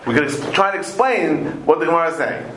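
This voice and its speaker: A man with a fairly high voice leads a Talmud study class, explaining in an emphatic way and restarting his phrases as he thinks aloud. The sound is roomy and echoey, with faint noise underneath. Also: expressive, fast talker, bright, forceful tone. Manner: emphatic, repeats words while explaining. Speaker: Talmud teacher.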